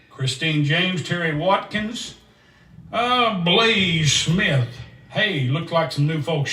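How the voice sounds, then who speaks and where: A man hosting a gospel country livestream, chatting in a folksy, rambling way and reading out viewers' names while a little excited and sweaty. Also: on the high side. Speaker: host and singer of a gospel country show. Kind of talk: livestream chat between songs. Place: standing up in a room. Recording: roomy echo, distant mic, guitar music.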